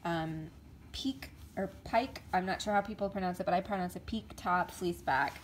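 A woman's voice: fairly low pitch, steady tone, fairly quick, a little hiss or hum. A woman chatting casually to camera in a show-and-tell vlog, stumbling over names and filling gaps with ums. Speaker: vlogger.

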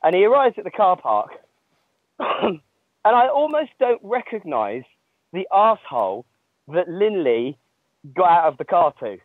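Unhurried and pausing often, the high-pitched runner lets his pitch swing widely while he tells his tale with self-deprecating laughter. It's a casual phone chat from outdoors on a long-distance trail, recorded dry and tinny.

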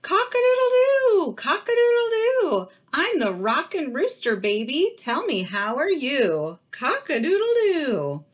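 A woman's voice: high-pitched, sing-song, takes it slowly, hardly any pauses, pitched above the performer's own voice, full character voice. A woman voicing a boastful, showy male rooster in a children's picture book, crowing and swaggering.

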